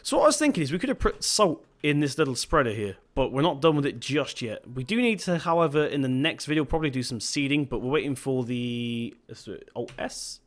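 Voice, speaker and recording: Young guy chatting through his gameplay, rambly, keeps fixing his words, mid pitch. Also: animated, fairly quick, few pauses. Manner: rambling, chatty, corrects himself often. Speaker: gaming video host. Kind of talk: casual let's-play commentary.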